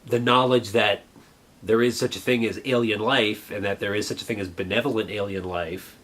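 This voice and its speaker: A man in his forties earnestly recalling a childhood memory in a halting, reflective way. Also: on the low side, steady tone, a bit bright. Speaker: vlogger. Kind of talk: personal reminiscence.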